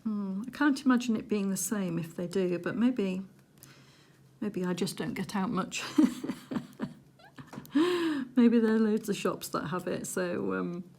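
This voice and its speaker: Woman doing a cosy craft vlog at home, chatty and rambly, mid-pitched voice, drops to a whisper now and then. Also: measured pace, gravelly, pauses often. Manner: chatty, rambling, with hushed asides. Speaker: crafting vlogger. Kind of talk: casual chat while diamond painting.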